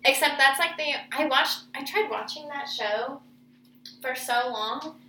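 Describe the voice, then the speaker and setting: A young woman in casual chat, chatty and quick to laugh along, recorded in an echoey room. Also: high voice, sharp tone, a little hiss or hum.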